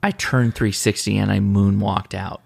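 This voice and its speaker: Podcast co-host, male, gravelly tone, easygoing chat that circles and backtracks. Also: fairly low pitch, fairly even intonation, normal speed. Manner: rambling, self-correcting. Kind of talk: casual chat.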